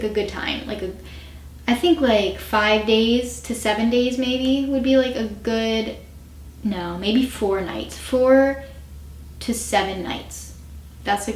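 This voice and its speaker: A woman in her twenties vlogging in a chatty, self-mocking way and swearing freely. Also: medium pitch. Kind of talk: casual chat to camera. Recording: roomy echo.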